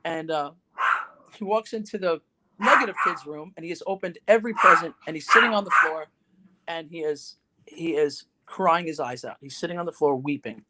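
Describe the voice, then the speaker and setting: Middle-aged woman guest, lively anecdotal storyteller, chatty with frequent restarts. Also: deep voice, normal speed, very noisy. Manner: animated, conversational storyteller with restarts. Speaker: guest, ghostwriter and speaker. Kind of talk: told anecdote and podcast chat.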